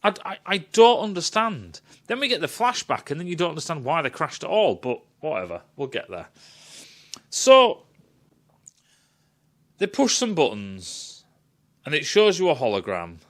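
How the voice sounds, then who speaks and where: A man's voice: a little high, very animated, normal speed, long pauses, a bit bright. A man giving a sweary, sarcastic rant reviewing a film.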